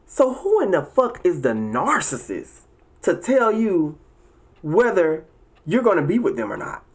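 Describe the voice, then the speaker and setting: Male vlogger, profane and preachy rant, emphatic, with shrill high-pitched outbursts. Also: wildly swooping pitch, unhurried, slightly rough. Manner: leaps into high, shrill exclamations. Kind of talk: casual ranting monologue to viewers.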